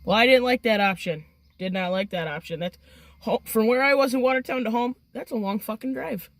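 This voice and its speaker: A woman telling a story in a casual, excitable way, swearing freely. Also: fairly high pitch, fairly quick, no echo. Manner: profane and excitable.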